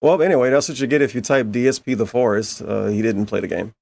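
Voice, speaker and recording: A man's voice: medium pitch, quick pace, vocal fry, darkish tone, no echo. A male stream host reacting to clips with dry, sarcastic commentary.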